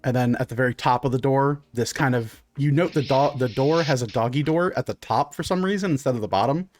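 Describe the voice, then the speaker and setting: A man's voice: medium pitch, brisk, a little hiss or hum. A man narrating a tabletop game as game master, in a loose, rambling way with frequent restarts.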